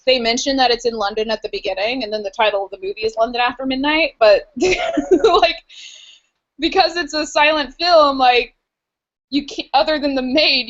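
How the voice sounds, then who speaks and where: A woman's voice: high voice, fairly bright tone, muffled recording. Giggly young woman podcast host. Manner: chatty and giggly, full of fillers. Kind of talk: casual chat.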